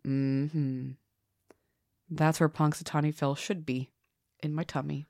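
A woman's voice: low-pitched, steady tone, normal speed, a little mellow, dry recording, studio quality. A woman hosting a casual podcast while sick, with a sore throat, talking in a playful, jokey way. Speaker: podcast host.

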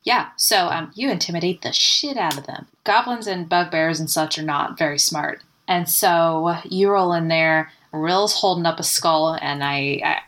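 A woman narrating as game master in a casual tabletop game, chatty and quick to laugh. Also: low-pitched, a bit bright. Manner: chatty, laughing, lots of fillers.

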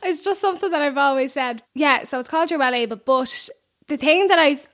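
A young Irish woman chatting casually as a podcast guest, laughing often and adding quick asides. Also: high-pitched, fairly bright tone. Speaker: podcast guest, fitness trainer. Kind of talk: casual chat.

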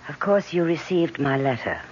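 An actress playing a wealthy woman in a 1970s radio drama, speaking in a brisk, teasing, impatient way. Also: low voice, expressive, darkish tone. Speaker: wealthy woman courting her suitor. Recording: dull old radio broadcast with hiss.

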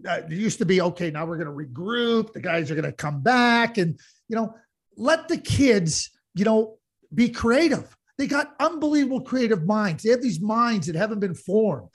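A man co-hosting a casual hockey podcast, talking in an animated way, getting heated and restarting often. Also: high voice, moderate pace, breathy edge. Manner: animated, gets heated and loud, many restarts. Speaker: podcast co-host, hockey analyst. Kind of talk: casual sports chat.

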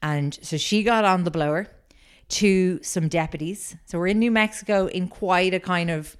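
A woman's voice: fairly low pitch, normal speed, smooth. A woman co-hosting a podcast, telling a story in a rambling casual way with many fillers. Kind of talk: casual chat.

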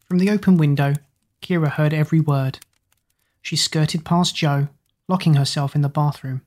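A woman narrating a children's storybook, reading the narration between lively character lines. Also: deep voice, normal speed. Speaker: audiobook narrator.

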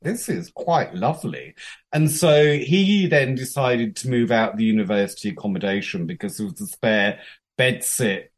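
The voice belongs to a man in his fifties from England, fairly low-pitched and at an ordinary pace. Being interviewed, he tells blunt, profanity-laced personal stories and mimics the people he quotes.

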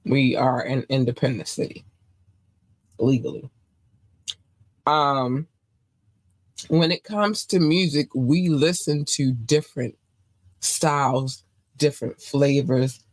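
A show host from Baltimore, United States, runs a casual livestream in a rumbling low voice, taking it slowly with frequent pauses. She rambles loosely, repeats her words and chews gum as she talks, with no room sound.

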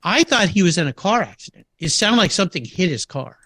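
Lively bright-voiced middle-aged man. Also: high voice, quick pace, breathy edge, no echo, studio quality. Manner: animated anecdotes, acts out quoted voices, laughs often. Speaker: podcast guest. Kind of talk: casual interview storytelling.

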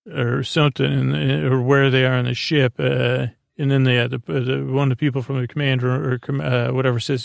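A man hosting a podcast, giving a meandering, low-key bedtime recap full of "uh" and "he goes". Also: flat delivery, creaky, dry recording, studio quality. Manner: low-key, unhurried delivery. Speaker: podcast host. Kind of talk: rambling bedtime recap of a TV episode.

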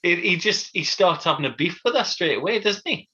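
A man's voice: high-pitched, animated, a little fast, pushed and bright, lo-fi sound. A man, co-hosting a casual chat about a film, wry and rambling. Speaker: podcast co-host.

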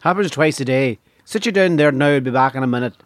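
A woman's voice: a bass voice, animated, quick pace, dry recording. A man voicing a mischievous young countrywoman with a Donegal accent, talking in a lilting, teasing, homely way.

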